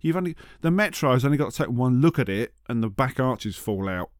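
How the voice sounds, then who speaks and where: A man's voice: mid-range voice, expressive, a little fast, no echo. Casting note: man, podcast co-host, teasing storyteller, dry close recording. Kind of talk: casual chat.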